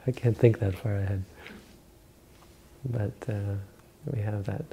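A man giving an informal Buddhist dharma talk as a monk teacher, rambling and halting with many restarts and self-corrections. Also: on the low side, fairly even intonation, vocal fry, warm tone.

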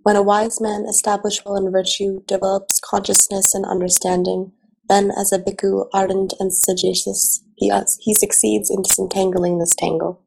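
A woman reads a passage aloud to her study group at a steady pace. Her voice is mellow and dark, with a gravelly fry and a flat line of pitch. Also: moderate pace, a little hiss or hum, rough recording. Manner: steady, even reading.

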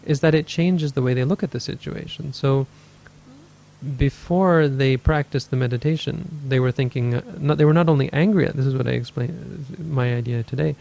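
The speaker is a male meditation teacher answering questions in a dharma talk, his mid-range voice gravelly and a little mellow at normal speed. Thoughtful and self-correcting, he thinks out loud and acts out people's inner voices.

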